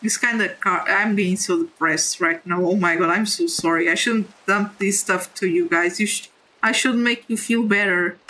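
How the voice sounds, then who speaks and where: Woman, non-native English accent, casual stream chat, candid, halting, apologetic, mid pitch. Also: fairly even intonation, sharp tone, low-quality recording. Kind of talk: casual live-stream chat while gaming.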